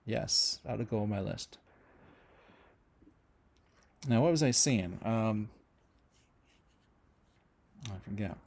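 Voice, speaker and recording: A middle-aged Canadian man hosts a casual livestream on a music channel, chatting with viewers and rambling through their comments with many fillers and restarts. His voice is on the low side, slow, and gravelly, with a darkish tone.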